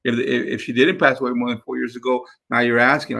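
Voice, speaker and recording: Gravelly guy coaching his sales crew live, punchy voice, keeps repeating stuff. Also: medium pitch, level tone, fast, pushed and bright. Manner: repeats words, drills points to his crew. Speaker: real estate investor coaching his team.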